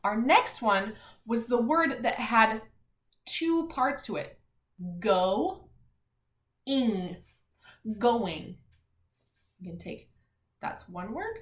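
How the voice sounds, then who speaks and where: Slow, patient woman teaching young kids. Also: fairly high pitch, big pitch swings, fairly bright tone, echoey room. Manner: slow, clear and encouraging, sounding out letters.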